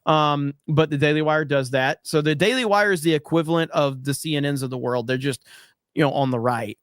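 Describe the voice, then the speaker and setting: A man's voice: on the high side, a little fast, no echo, studio quality. A man hosting a livestream, reading viewer messages aloud in casual, wisecracking chat with loose swearing. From USA. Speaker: livestream host reading super chats.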